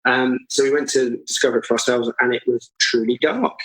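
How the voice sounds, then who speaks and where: A man with a mid-range, raspy, husky voice talks in a relaxed interview. He jokes at his own expense and cuts in with short additions to his partner's stories. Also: mid-range voice, brisk, rough recording. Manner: jokey, self-deprecating, chimes in on his partner's lines. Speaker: guest artist. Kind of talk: casual conversational interview.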